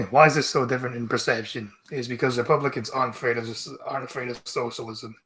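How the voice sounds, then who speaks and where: A man's voice: medium pitch, moderate pace, fairly bright tone, low-quality recording. A Scottish man hosting a casual stream, reading news out and mocking it with blunt, sarcastic swearing.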